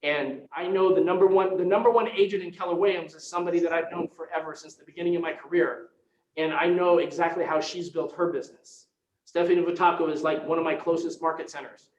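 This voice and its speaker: A man giving an energetic motivational sales coaching talk as a real estate team leader, acting out phone conversations in excited voices. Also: on the high side, quick pace, echoey room, lo-fi sound, background noise.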